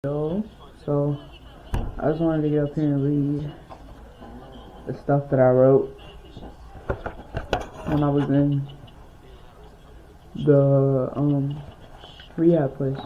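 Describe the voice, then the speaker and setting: A young woman speaks softly in a casual video diary, her voice low and drowsy. Her tone stays flat and even. The sound is tinny and phone-like, with a faint hiss underneath. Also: slow pace, pauses often. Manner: soft-spoken, quiet and sleepy. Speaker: vlogger. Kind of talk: casual video diary, reading her own letter aloud.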